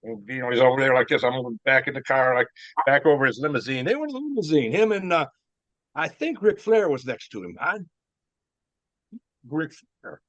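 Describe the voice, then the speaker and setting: Older man, former wrestler, halting rambling storytelling, muffled lo-fi recording. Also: medium pitch, expressive, a bit bright, no room sound. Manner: chuckling, halting, lots of fillers and restarts. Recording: dull dry lo-fi sound.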